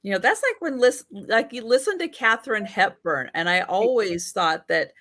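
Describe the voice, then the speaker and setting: A woman's voice: medium pitch, animated, moderate pace, a bit bright. A woman co-hosting a live vintage sale, chatting casually about old films and suits. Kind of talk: casual live-stream chat.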